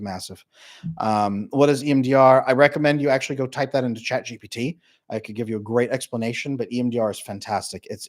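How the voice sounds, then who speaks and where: A man coaching on a livestream in a casual, chatty way, talking straight to viewers and acting out little scenes. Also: lowish voice. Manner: animated, acts out little scenes in voices. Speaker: attachment coach.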